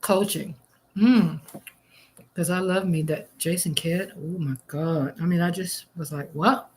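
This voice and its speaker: A woman's voice: fairly low pitch, fairly even intonation, unhurried, mellow, slight background noise. A middle-aged woman, chatting casually on a live stream, reading viewer comments aloud and eating as she talks. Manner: chatty and exclamatory, eating while talking. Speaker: livestream host.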